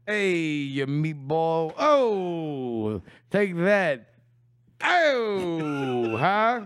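A man voicing a brash male Italian tough-guy stereotype, shouting aggressive taunts in an improvised comedy bit. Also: fairly high pitch, big pitch swings, drawn-out words, clean tone, pitched below the performer's own voice, full character voice. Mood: aggressive taunting.

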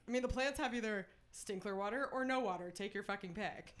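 A woman from California chatting casually, making wry, deadpan jokes. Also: mid-range voice, brisk. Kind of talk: casual chat.

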